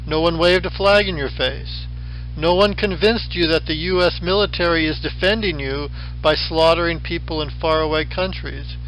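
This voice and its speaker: A middle-aged man delivers a lecture over slides, his voice bright and a touch higher than most men's. He keeps a dry, deadpan tone and slips in wry asides. A faint hum runs underneath. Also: normal speed, rough recording. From western United States. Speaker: professor.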